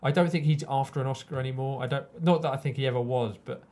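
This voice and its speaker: Relaxed podcast co-host. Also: medium pitch, fast talker. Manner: relaxed, loose rambling sentences. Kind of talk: casual film chat.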